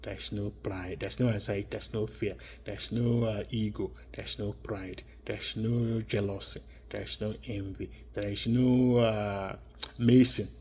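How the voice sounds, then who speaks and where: A man's voice: on the low side, fairly even intonation, measured pace, a little mellow, slight background noise. A man giving a rambling, insistent monologue, repeating and restarting his phrases as he circles his points. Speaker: vlogger.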